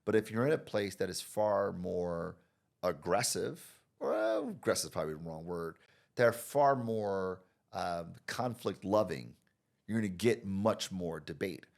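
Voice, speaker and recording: A man's voice: sits low, normal speed, gravelly. An American man, a marketing expert guesting on a podcast, talking conversationally and acting out the people in his stories with big jumps in his voice. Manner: animated, acts out quoted people with big jumps in voice. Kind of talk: conversational interview storytelling.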